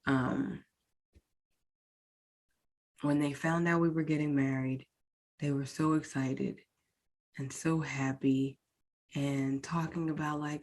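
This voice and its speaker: Her voice is low-pitched, steady, and darkish, and she takes her time with long pauses. As a podcast host, she shares a painful story from her own life, speaking openly and emotionally straight to her audience.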